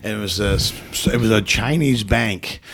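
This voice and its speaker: A man's voice: lowish voice, fairly bright tone, slight background noise. A man, a stand-up comedian, rambling through gig stories in a casual podcast chat. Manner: rambling, fast anecdotes with restarts.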